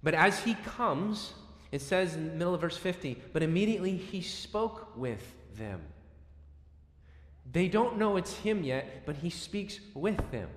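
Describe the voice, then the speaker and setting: A male preacher delivers a storytelling sermon, acting out scenes with bursts of volume and quiet dips. His voice sits a bit high for a man. The recording carries a long, roomy echo from a large hall. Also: lively intonation, a little slow. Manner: dramatic storytelling with sudden loud and soft swings. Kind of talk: expository sermon. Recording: echoey hall with long reverb.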